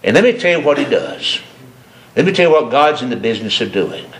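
A man preaching a sermon with passion, repeating phrases for emphasis and climbing from low murmurs to high, ringing cries. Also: lively intonation, a little fast, a bit bright, slight background noise.

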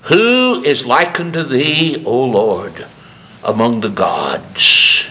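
A man preaching a sermon with passion, repeating phrases for emphasis and climbing from low murmurs to high, ringing cries. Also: lively intonation, extremely slow, pushed and bright.

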